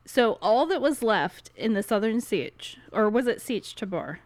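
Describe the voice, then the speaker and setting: Slow-talking, higher-voiced woman chatting. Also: lively intonation, no room sound. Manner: slow, amused storytelling with frequent laughter. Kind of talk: casual book discussion chat.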